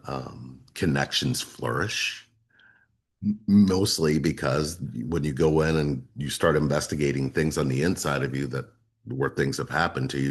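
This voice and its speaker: A man's voice: very deep voice, husky. A man co-hosting a talk about relationships, explaining in an earnest way and repeating words for emphasis. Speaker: relationship coach, co-host.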